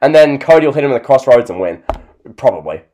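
Male podcast host, mid pitch, sarcastic and mock-serious, casual chat. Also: expressive, fast talker, warm tone.

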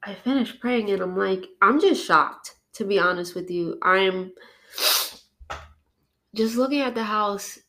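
A woman's voice: mid-range voice, a little slow, long pauses, fairly bright tone. A middle-aged woman, a podcast guest, giving an emotional personal testimony, acting out her phone calls and sniffling now and then from allergies.

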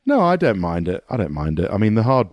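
A man talking as a motorsport pundit guest in a casual podcast conversation, animated and rambling, with many restarts. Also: lowish voice, quick pace, no room sound, dull audio.

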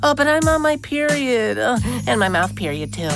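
A woman's voice: fairly high pitch, very animated, normal speed, creaky. A woman voicing a goofy sidekick character in a crude comedy cartoon, with music playing behind. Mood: joking.

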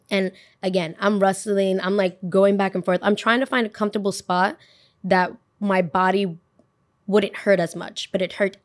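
A woman's voice: medium pitch, no echo. A young woman telling a personal story in casual podcast storytelling, acting out what everyone said. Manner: animated, acts out quotes of others. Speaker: podcast host.

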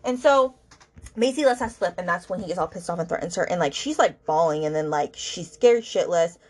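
A woman's voice: fairly low pitch, animated, brisk. A woman hosting a book podcast, ranting casually in an exasperated, rambling way with lots of fillers.

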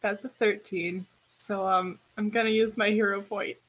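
Bright-voiced woman player, lots of um's, little background hiss. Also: medium pitch, flat delivery, normal speed, low-quality recording. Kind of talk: tabletop game play, casual chat.

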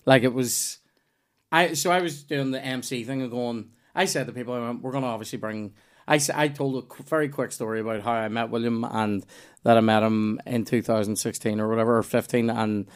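A man's voice: medium pitch, fairly even intonation, brisk. A Northern Irish man telling loose, rambling stories in casual podcast chat, with restarts and swearing.

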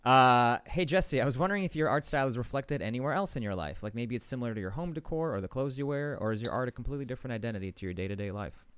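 A young man hosting a casual interview, relaxed, tossing in jokey asides. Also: medium pitch, rapid-fire, few pauses, clear, resonant tone, no echo. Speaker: podcast host.

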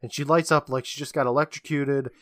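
A man's voice: medium pitch, fairly even intonation, a little fast, no echo, clean studio sound. A man co-hosting a podcast, recapping an episode in a casual, joking storytelling manner with casual swearing. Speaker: podcast co-host.

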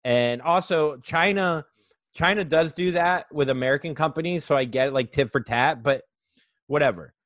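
A man's voice: a little high, moderate pace, a bit bright, no room sound. A young adult man hosting a comedy podcast, ranting sarcastically with lots of swearing and mock voices. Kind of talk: comedic monologue.

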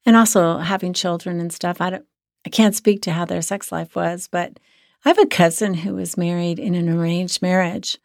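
A hoarse woman co-hosting a podcast as a sex therapist, talking in an earnest, reflective way. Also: lowish voice, fairly even intonation, normal speed, no echo, studio quality. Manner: earnest, reflective, many restarts. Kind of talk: casual podcast chat.

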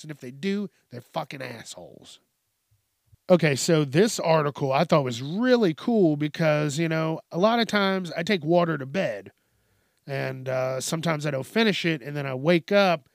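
A man's voice: fairly high pitch, vocal fry, no echo, studio quality. A man hosting a casual news commentary show, ranting bluntly and swearing freely. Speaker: host.

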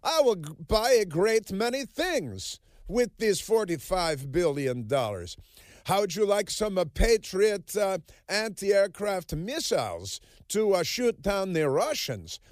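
A man putting on a mock foreign accent for a heavily accented man haggling over aid, slow and halting. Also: sits high, big pitch swings, darkish tone, dry recording, studio quality, pitched above the performer's own voice.

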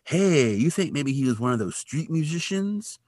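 A man's voice: a little high, expressive, normal speed, darkish tone, no echo, clean studio sound, voice pushed up. Man doing a fussy, prim old-building owner.

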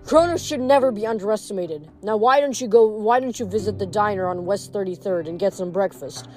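A wise old centaur leader speaks calmly and kindly to his troops, as a woman reads him aloud. The measured, fatherly voice belongs to a storybook reading, with faint music behind. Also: mid-range voice, natural voice.

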